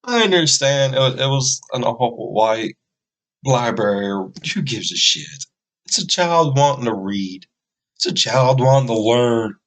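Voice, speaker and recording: Slow-talking profane reaction host, man. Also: mid-range voice, expressive, a bit bright. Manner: profane, laughing, emphatic asides. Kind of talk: casual reaction commentary.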